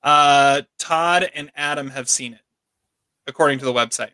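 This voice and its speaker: A man co-hosting a podcast, bright and a touch high in pitch, recorded dry and close. He banters and teases his co-host in an upbeat, casual way. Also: normal speed, clean tone, no room sound.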